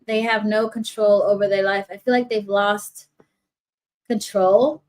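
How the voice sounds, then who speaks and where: A woman's voice: medium pitch, low-quality recording. A woman giving a casual tarot reading to viewers, rambling with frequent restarts and asides. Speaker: tarot reader.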